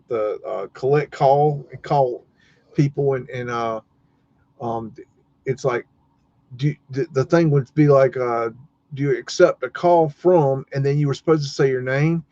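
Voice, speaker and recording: A man's voice: mid-range voice, dark tone, no room sound, lo-fi sound. A man hosting a live stream, chatting casually and rambling as he looks at buildings, muttering and swearing now and then. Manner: rambling, muttering, mildly cursing. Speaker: livestream host.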